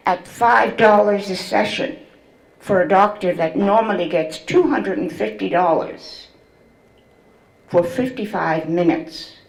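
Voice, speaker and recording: An older woman telling her own life story, slow and deliberate, with deep feeling in her storytelling. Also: creaky, roomy sound, low-quality recording. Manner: slow, deliberate, emotional storytelling with quoted voices. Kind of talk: first-person storytelling to an audience.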